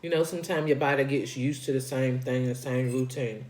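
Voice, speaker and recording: With an extremely low, slightly mellow voice and a fairly quick pace, a woman vlogger talks about losing weight while eating on camera. She's chatty and folksy, circling back to her points between bites, and the room is echoey.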